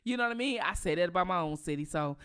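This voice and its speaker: Animated bright-voiced woman from Detroit. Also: on the low side, rapid-fire, clear, resonant tone. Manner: emphatic, outraged, repeats herself for effect. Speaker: commentary channel host. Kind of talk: casual commentary vlog.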